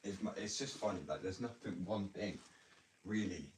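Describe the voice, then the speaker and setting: A man's voice: low voice, normal speed, far from the mic, slight background noise. A young British man chatting casually at home, rambling and joking at his own expense, swearing now and then. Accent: British English. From United Kingdom. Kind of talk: casual chat. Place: at home, indoors.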